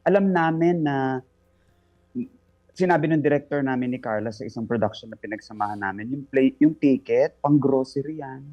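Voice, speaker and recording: A man's voice: medium pitch, fairly quick, muffled recording. A Filipino man, a stage actor, speaking earnestly and from the heart in an interview. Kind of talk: casual interview chat.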